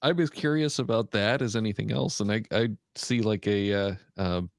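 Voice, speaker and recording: A man co-hosting a casual podcast chat, reading through a list with frequent pauses and fillers. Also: fairly low pitch, creaky, no echo, studio quality. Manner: halting, many "uh" fillers while reading out a list. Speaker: podcast co-host.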